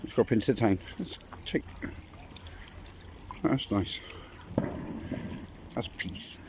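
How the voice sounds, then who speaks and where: A man's voice: lowish voice, slow pace, darkish tone. Middle-aged man, walking tour vlog, wry chatty asides, outdoors, faint background hiss. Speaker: travel vlogger. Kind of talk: casual walking tour commentary. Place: outdoors, walking through town streets and a park.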